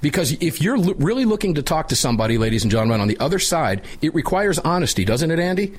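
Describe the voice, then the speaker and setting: A man hosting a talk radio show, speaking in a blunt, opinionated and animated way. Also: on the high side, fast talker. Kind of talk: casual talk radio chat. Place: radio studio.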